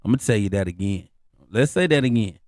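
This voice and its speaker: Animated, slangy man telling stories. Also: quick pace, dry recording, clean studio sound. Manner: animated, slangy storytelling with rising pitch on asides. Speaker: podcast host. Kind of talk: casual comedic monologue.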